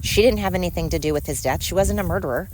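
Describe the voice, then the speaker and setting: A woman's voice: on the low side, fast talker, background noise. A woman hosting a solo podcast, ranting with indignation and mocking her critics through sarcastic rhetorical questions. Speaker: podcast host. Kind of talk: opinionated solo podcast monologue.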